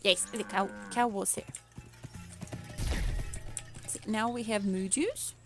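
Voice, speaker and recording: A woman's voice: mid-range voice, fairly even intonation, takes it slowly, gravelly, fairly bright tone, soft background music. A woman streamer giving casual let's-play commentary, thinking aloud in a playful way and chatting with her viewers. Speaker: VTuber streamer.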